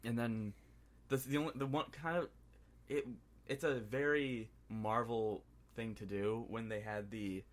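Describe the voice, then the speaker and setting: A man's voice: mid-range voice, fairly even intonation, measured pace. A man co-hosting a podcast, chatting casually about a film and acting out scenes as he retells them. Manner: rambling, acts out scenes in quoted voices. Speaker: podcast co-host. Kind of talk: casual movie review chat.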